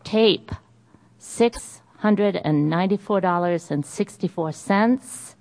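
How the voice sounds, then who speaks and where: A woman's voice: lowish voice, slow, a little mellow. A woman with a Boston accent carefully reading budget figures aloud at a meeting, with small hesitations.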